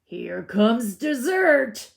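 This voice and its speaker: A woman's voice: on the high side, very animated, vocal fry, voice pushed up, heavily acted. A woman voicing a greedy, wicked male wolf in a storybook read-aloud, smug and drawing out his words. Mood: gloating. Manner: smug, relishing, drawn-out words.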